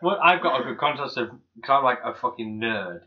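A man's voice: medium pitch, expressive, brisk. A man co-hosting a casual film podcast, rambling with lots of fillers and restarts and swearing freely. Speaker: podcast co-host. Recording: dull lo-fi podcast audio.

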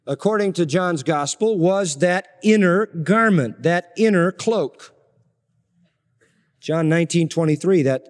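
An older male pastor delivers an expository sermon, alternating between loud emphasis and hushed, low lines. It's recorded in a reverberant hall.

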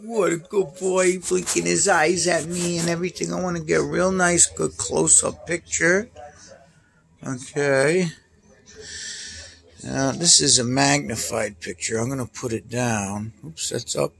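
A man's voice: on the high side, fairly even intonation, unhurried, vocal fry, fairly bright tone. A man at home filming his cat on a phone, talking in doting baby talk. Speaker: pet owner filming his cats. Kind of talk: casual home video commentary. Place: at home indoors.

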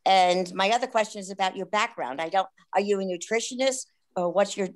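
A woman's voice: medium pitch, brisk. Insistent woman asking questions. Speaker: lecture attendee asking questions.

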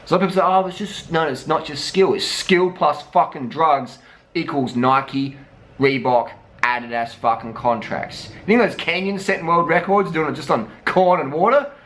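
A man's voice: a little high, moderate pace, fairly bright tone. A man, a cycling vlogger, ranting bluntly with heavy swearing. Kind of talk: profane ranting commentary.

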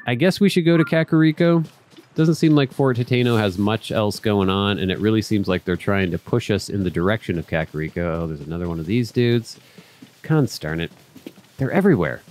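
Low-voiced man chatting through a game. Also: a little mellow. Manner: chatty, talks to game characters and viewers. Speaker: let's play host. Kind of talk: casual gameplay commentary.

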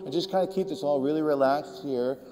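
A man leading a group through vocal warm-ups, talking gently and encouragingly and singing short demonstration notes. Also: on the high side, fairly quick. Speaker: vocal coach. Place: large hall with a group of singers. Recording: reverberant hall, faint room hum.

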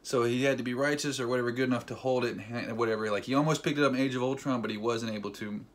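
Excited man retelling a movie. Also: mid-range voice, very fast. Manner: animated storyteller with sound effects; loose, rambling, filler-heavy delivery. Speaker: movie fan vlogger. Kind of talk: casual excited movie recap.

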